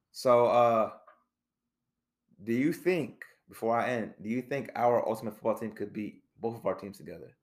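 A man in his forties hosting a podcast, chatting casually in a jokey, rambling way. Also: mid-range voice. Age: 40s. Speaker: podcast host. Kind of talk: casual chat.

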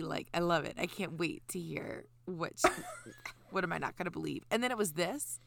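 Playful lower-voiced young woman podcaster. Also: creaky, a bit bright, a little hiss or hum. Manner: playful, teasing, quick to laugh. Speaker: podcast co-host. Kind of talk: casual book-club chat.

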